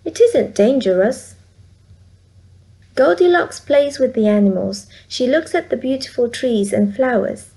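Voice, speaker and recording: Brief: Vietnamese-accented mother reading aloud, slightly high voice, clear and slow. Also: lively intonation, darkish tone. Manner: slow, clear, simple sentences. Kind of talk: storybook read-aloud.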